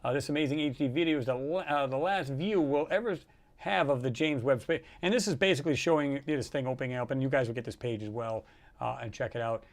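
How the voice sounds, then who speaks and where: A man hosting a casual livestream, rambling and animated as he reads out viewer comments and reacts to them. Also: mid-range voice, quick pace. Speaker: livestream host.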